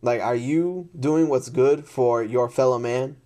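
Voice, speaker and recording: A man with a medium-pitched, mellow voice delivers an unscripted rant to camera a little slowly. He is exasperated and frustrated, blunt, heavy with swearing and repetitive.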